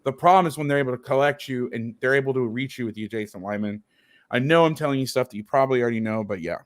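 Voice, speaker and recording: A man talks football film over a video call at an ordinary pitch. He is a coach who is sarcastic and openly exasperated as he picks apart each play. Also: racing.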